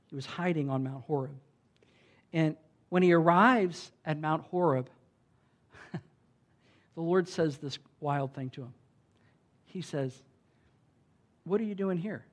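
A pastor preaching in a relaxed, talky way, full of restarts and filler words. The voice sits at a middle pitch and keeps swinging from loud, emphatic stretches down to quiet, hushed asides. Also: takes it slowly, long pauses. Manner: conversational, with frequent restarts and filler like "like". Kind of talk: sermon.

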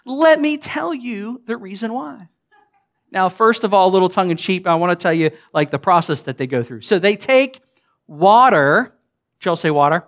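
Southern pastor, male, chatty storytelling sermon, playful, loud bursts and soft asides. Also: normal speed. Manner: animated, joking, swings between loud bursts and low asides; frequent fillers and restarts, chatty. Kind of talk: conversational sermon with humorous storytelling.

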